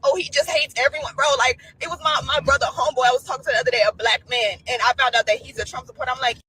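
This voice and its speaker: A woman's voice: high voice, steady tone, rapid-fire, sharp tone, slight background noise. A young woman venting on a vlog, upset and exasperated. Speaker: social media poster. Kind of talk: emotional vlog rant.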